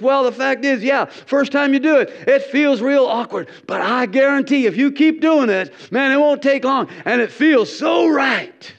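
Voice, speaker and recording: A middle-aged male pastor preaching a sermon in an animated, folksy storytelling manner with repeated restarts. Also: extremely high pitch, a little slow. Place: church. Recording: dull lo-fi recording.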